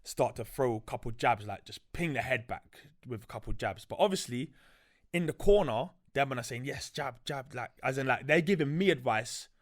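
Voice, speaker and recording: A young man talks in a relaxed podcast chat. His voice sits at a middle pitch. He tells his story in loose street slang, full of fillers and quick restarts. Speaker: podcast guest.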